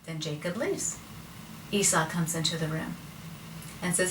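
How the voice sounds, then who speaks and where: A woman's voice: on the low side, a little slow, a bit bright. A woman retelling a Bible story in a casual, conversational way with chatty asides. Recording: roomy, distant mic, faint noise.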